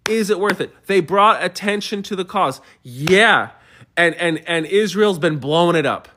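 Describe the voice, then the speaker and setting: A man's voice: sits high, lively intonation, unhurried, sharp tone, a little hiss or hum. A man hosting a livestream, answering viewer comments in a heated, argumentative way with many stumbling restarts. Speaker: livestream host.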